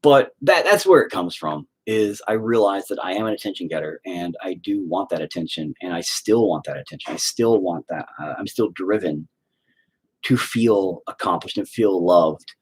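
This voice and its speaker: A man's voice: sits low, animated, normal speed, slightly rough. A man hosting a podcast and talking candidly in a loose, rambling way, swearing often and leaning on "you know" fillers. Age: adult with children. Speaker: podcast host and band vocalist. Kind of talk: casual confessional chat.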